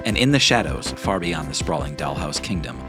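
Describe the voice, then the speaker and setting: A man acting as game master, narrating a tabletop adventure in a relaxed, descriptive way. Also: very deep voice, fairly quick, music in the background.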